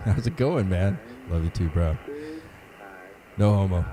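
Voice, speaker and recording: A man's voice: sits low, lively intonation, measured pace, noisy background. A man hosting a casual livestream, greeting viewers by name in a laid-back way, a little under the weather and sniffling. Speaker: livestream host.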